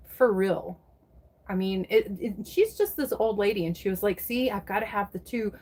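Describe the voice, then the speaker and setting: An American woman livestreams, chatting casually, answering viewers by name, and swearing freely. Her mid-range voice is a little mellow and husky.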